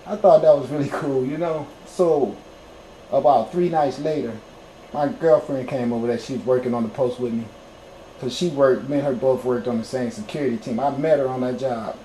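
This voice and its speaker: A man telling his own story to viewers in a casual, animated way, swearing freely and getting loud when excited. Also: mid-range voice, moderate pace, a little hiss or hum. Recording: roomy echo, faint background ambience.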